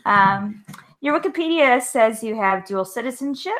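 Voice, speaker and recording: A woman's voice: on the high side, expressive, normal speed, a bit bright, a little hiss or hum. A woman hosting a podcast, asking a guest an interview question and giving brief back-channel replies. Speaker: podcast host.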